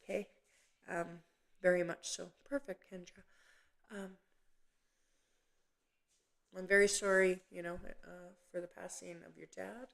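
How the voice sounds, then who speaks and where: A woman hosting a live psychic medium session, talking gently and haltingly with many pauses and restarts. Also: fairly low pitch, flat delivery, creaky. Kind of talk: live online reading.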